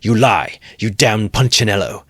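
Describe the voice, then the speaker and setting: A man voicing a feverish, defiant young male student who shouts accusations. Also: low-pitched, moderate pace, vocal fry, no room sound, studio quality, heavily acted. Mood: furious.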